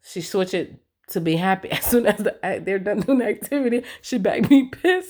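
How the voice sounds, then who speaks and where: Woman, vlogger, reality TV recap, casual, slangy, emphatic, animated. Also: medium pitch, moderate pace. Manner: animated, emphatic, slangy, talks straight to viewers.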